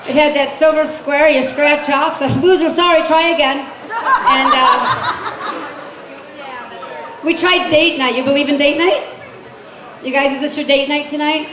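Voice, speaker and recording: In a high-pitched, fairly bright voice, a woman in her forties performs stand-up comedy on a club stage, brassy and chatty, putting questions to the crowd. The echoey club recording picks up crowd noise, laughter and room sound.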